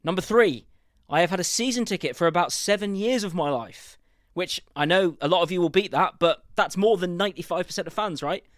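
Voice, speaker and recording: A man in his thirties with a southern English accent opens his podcast as host. His voice sits a little high. He talks in an upbeat, brisk way with a defiant edge, recorded close and dry with no room sound. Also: expressive, dry recording. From England. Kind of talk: scripted podcast intro.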